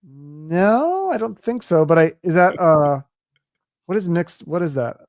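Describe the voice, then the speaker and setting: A man's voice: a little high, expressive, unhurried, a little mellow, dry recording, clean studio sound. A man hosting a podcast in casual chat, enthusiastic and chatty and swearing casually. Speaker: podcast host.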